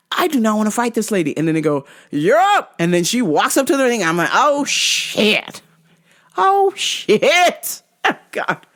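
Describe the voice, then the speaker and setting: Profane, animated woman telling a story. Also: on the low side. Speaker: vlogger. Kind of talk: casual storytelling.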